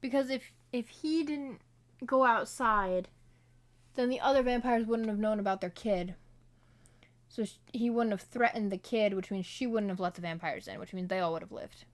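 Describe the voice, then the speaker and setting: A woman with a mid-range voice speaking at normal speed reviews a film as a solo vlogger, casually reading through her notes. She rambles with plenty of fillers and asides, slipping into playful accents whenever she quotes something.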